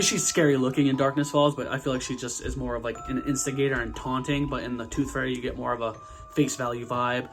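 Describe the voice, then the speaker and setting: Slangy young man reviewing horror films. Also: medium pitch. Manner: slangy, profane and animated. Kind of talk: casual movie review.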